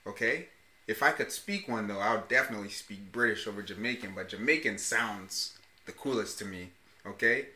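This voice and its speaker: A man co-hosting a podcast in relaxed casual chat, often calling his partner "man". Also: lowish voice, brisk. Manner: laid-back, says "man" often. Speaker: podcast co-host. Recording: roomy echo.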